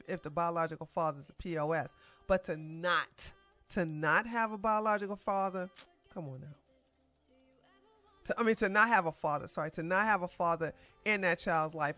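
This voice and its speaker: A woman's voice: lowish voice, a little fast, a bit bright, faint music behind. A woman hosting her own channel, giving blunt, emphatic and scolding celebrity commentary.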